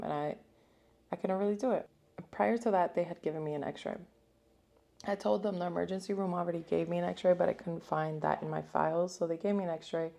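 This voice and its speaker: Gravelly low-voiced woman telling a story. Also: normal speed. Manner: chatty, animated retelling full of "like". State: upset and shaken. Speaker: vlogger. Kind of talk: casual storytime vlog.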